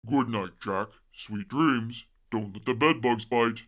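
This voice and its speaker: A man's voice: medium pitch, takes it slowly, a bit bright, voice pushed down. A man voicing a two-headed Welsh giant who acts friendly but plots murder, with a Welsh accent. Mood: falsely sweet. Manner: sing-song false friendliness, rhyming threats.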